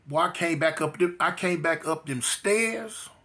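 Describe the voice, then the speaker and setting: A man's voice: fairly high pitch, measured pace, sharp tone. A middle-aged man from telling his life story in slangy street talk, full of fillers. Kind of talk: casual storytelling.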